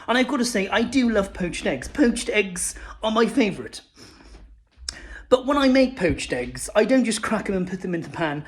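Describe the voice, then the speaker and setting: Brief: man impersonating a fussy middle-aged stand-up comic, fast and high, peaks into squeaks. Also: very animated. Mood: exasperated. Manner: breathless, exaggerated, rising to shrill peaks. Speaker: comedian. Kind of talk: stand-up impression.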